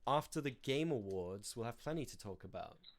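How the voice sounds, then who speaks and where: A man's voice: mid-range voice, expressive, moderate pace, a crowd in the background. A man hosting a casual live chat show, bantering with dry teasing humor. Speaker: show host.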